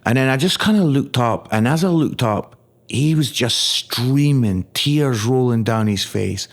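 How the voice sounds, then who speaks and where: A man's voice: medium pitch, lively intonation, measured pace. A middle-aged man from Scotland, an evangelist guest telling his story earnestly and with feeling, often repeating words as he is moved. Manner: earnest, emotional, repeats words when stirred. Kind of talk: storytelling in a podcast interview.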